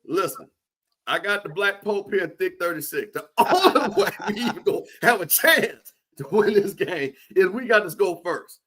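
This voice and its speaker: A man with a high, bright voice riffs on college football with a teasing, animated delivery. He leans on repetition and comic asides. He sounds like a regular co-host enjoying himself. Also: normal speed. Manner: animated, joking, repeats names for emphasis. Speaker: co-host, sports analyst. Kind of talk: comedic sports chat.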